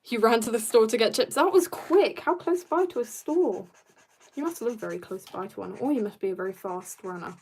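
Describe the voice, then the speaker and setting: A woman's voice: animated, fairly quick, a little mellow, slightly rough. Bubbly woman chatting while drawing. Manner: bubbly, chatty, laughs often, jumps in pitch. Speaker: livestreaming artist. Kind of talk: casual chat while drawing, reading chat.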